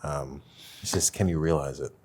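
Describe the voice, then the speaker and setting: A young adult man hosting a podcast, talking in a reflective, soft-spoken, heartfelt way. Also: very deep voice, moderate pace, breathy edge. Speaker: podcast host. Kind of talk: casual heartfelt conversation.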